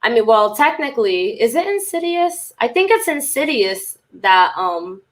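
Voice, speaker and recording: A woman's voice: a little high, big pitch swings, a little slow. A woman podcast host and cult recovery coach in a candid, rambling casual monologue who swears freely.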